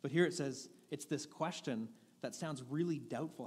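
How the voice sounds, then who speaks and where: A man's voice: medium pitch, normal speed, darkish tone, slightly rough. Conversational male pastor in an echoey hall. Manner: conversational, candid preaching with frequent restarts. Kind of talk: sermon. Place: church sanctuary.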